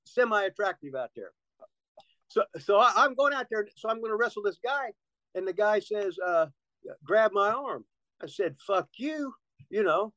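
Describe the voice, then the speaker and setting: A man's voice: high voice, a bit bright, dry recording, low-quality recording. A man telling rambling, profane stories as a guest in a casual interview, laughing often.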